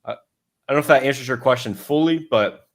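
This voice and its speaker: A man's voice: mid-range voice, a little fast. Casual man explaining a step-by-step system. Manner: loose and conversational, many fillers and restarts, acts out his own inner thoughts. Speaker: dating coach.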